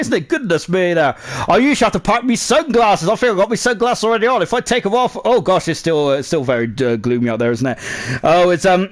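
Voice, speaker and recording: A young man commentating a sim racing league live, excitable and chatty, reading out viewer messages. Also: high-pitched. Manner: excitable, shouts over laps then settles into chatty asides. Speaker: esports race commentator.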